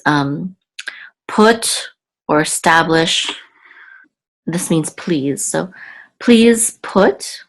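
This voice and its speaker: Slow, low-voiced woman teaching Hebrew. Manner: slow, patient, repeats words and checks in with "okay?". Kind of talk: word-by-word Hebrew reading lesson.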